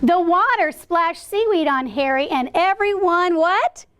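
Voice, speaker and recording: A woman with a high, bright voice teaches words to a classroom of young children. She keeps asking questions and coaxes the kids to act out each word. A faint hiss sits under her voice. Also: expressive, unhurried. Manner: encouraging, questioning, acting out words.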